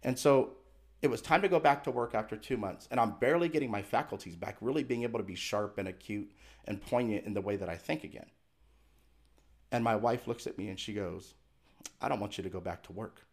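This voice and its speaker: Fairly low in pitch and fairly quick, a middle-aged podcast guest tells a story from his life. He acts out what people said back then, and his telling is emphatic, heartfelt, candid and confessional.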